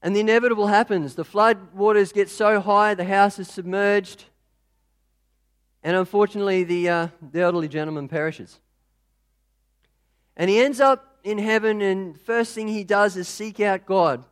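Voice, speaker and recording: A man telling a story in a relaxed, conversational sermon. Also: high voice, normal speed.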